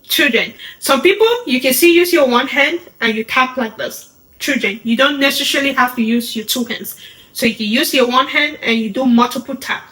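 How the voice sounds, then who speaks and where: Bright, upbeat woman teaching signs. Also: high-pitched, rough recording. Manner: upbeat, repeats each word slowly while demonstrating. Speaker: sign language teacher. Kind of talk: instructional video lesson.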